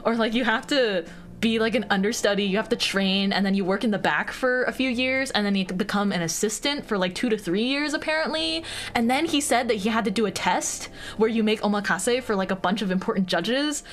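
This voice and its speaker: A woman's voice: on the high side, fairly quick, a little hiss or hum. A young American woman streaming casual chat, bubbly and giggly, with lots of fillers. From United States.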